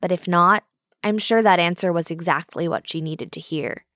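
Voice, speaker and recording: A woman narrating a documentary in an even, clear way. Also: lowish voice, normal speed, no echo, clean studio sound.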